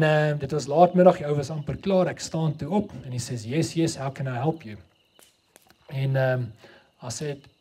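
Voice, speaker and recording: A man's voice: mid-range voice, mellow, slightly rough. A middle-aged South African man with an Afrikaans accent, preaching a sermon and telling a story, mixing English and Afrikaans.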